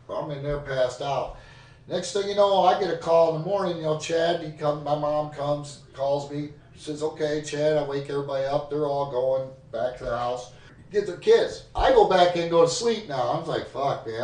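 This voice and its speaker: A man of fifty telling profane bar stories in a rowdy, animated way as a podcast guest. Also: fairly high pitch. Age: 50s. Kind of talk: casual storytelling. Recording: echoey room, mic at a distance.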